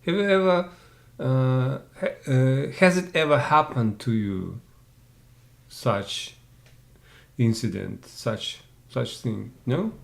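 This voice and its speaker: A man's voice: medium pitch, takes it slowly, gravelly. A man tutoring English one-on-one, patiently drilling pronunciation by repeating sounds. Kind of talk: one-on-one language lesson.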